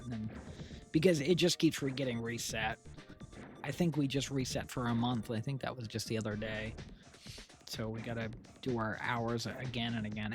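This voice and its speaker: Rambling man chatting on a stream. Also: medium pitch. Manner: rambling and venting, with frequent restarts. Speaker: streamer running an AI VTuber channel. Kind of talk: casual stream chat. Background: music playing under the talk.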